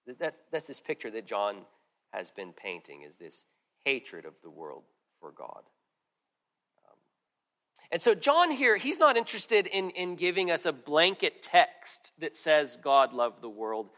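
A middle-aged man preaching a sermon, earnest and conversational, swinging from strong emphasis to quiet asides with frequent restarts. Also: a little high, wildly swooping pitch, unhurried. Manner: earnest, rises and falls in loudness, drops to quiet asides; conversational with restarts and repeated words. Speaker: pastor.

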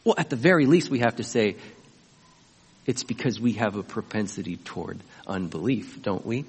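A man's voice: fairly low pitch, normal speed, husky, in a large hall. A man preaching a sermon as pastor, emphatic and often asking his listeners questions. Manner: emphatic, asks the congregation questions.

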